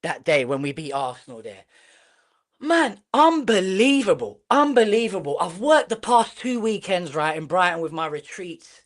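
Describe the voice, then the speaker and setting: Man, fan rant, fairly high voice, swooping and lively, mocking tone, swears a lot. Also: normal speed. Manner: animated, mocking, swears freely. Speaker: football fan streamer. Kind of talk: live reaction rant.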